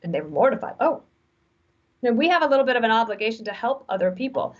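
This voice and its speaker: Animated woman on a video call, high voice, lo-fi sound. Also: fast talker. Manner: animated, frank, gives advice through anecdotes. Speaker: guest author. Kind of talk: conversational interview. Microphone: video call mic. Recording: dull lo-fi video call audio.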